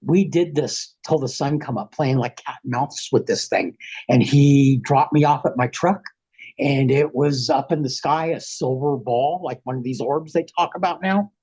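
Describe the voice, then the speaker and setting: A middle-aged man on a podcast, rambling through an animated, slangy story and acting out what people said. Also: medium pitch, moderate pace, breathy edge. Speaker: podcast guest. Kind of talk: casual storytelling.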